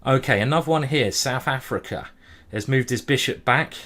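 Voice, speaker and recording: Man, chess streamer, live commentary, hurried, thinking aloud, humming while pondering, mid pitch. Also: fairly bright tone. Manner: hurried, juggling many boards. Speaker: chess streamer playing a simultaneous display.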